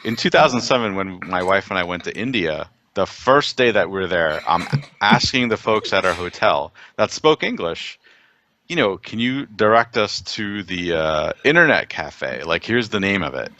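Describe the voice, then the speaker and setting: A man with a low voice that still sounds bright and forceful co-hosts a casual podcast. He tells stories in an animated way and breaks in with enthusiastic exclamations. A faint hiss of noise sits under his mic. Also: moderate pace. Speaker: podcast co-host. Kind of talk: casual chat.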